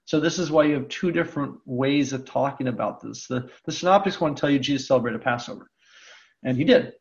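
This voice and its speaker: A man teaching a Bible lesson, reading scripture aloud and pausing to stretch key words for emphasis. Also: medium pitch, vocal fry. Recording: dull lo-fi lecture recording.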